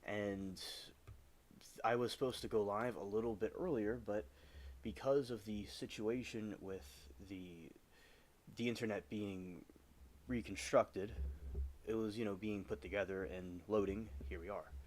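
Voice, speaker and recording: A man chatting casually on a gaming livestream from home, rambling with halting restarts as he talks over his game. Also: on the low side, steady tone, darkish tone. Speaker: live streamer.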